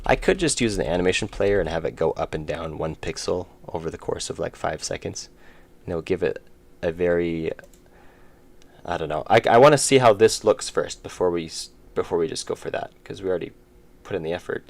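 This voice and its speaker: A man's voice: sits low, a little fast, gravelly. A man streaming his indie game development, chatting casually and rambling with chat while he works. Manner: rambling, self-interrupting, chuckling.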